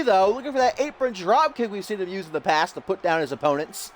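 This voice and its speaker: Man calling wrestling action, high voice. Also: fast, slight background noise. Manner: jokey, excitable, shouting at big moments. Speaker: play-by-play commentator. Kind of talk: wrestling video game commentary.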